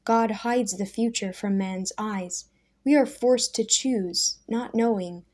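Woman doing humble poor man, calm, slow, steady, quiet conviction, storybook. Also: mid-range voice.

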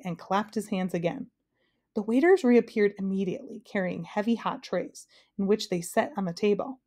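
A woman reads a children's storybook aloud with a steady storytelling delivery. Her voice sits in a middle register, even and clear. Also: medium pitch. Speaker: narrator.

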